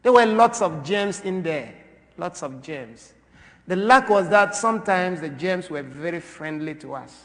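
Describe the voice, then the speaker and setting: A man's voice: sits high, measured pace. Impassioned Ghanaian man in a church. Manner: animated, swings from loud to soft. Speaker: speaker at a church. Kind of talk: impassioned talk. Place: large church. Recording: long reverb of a large church.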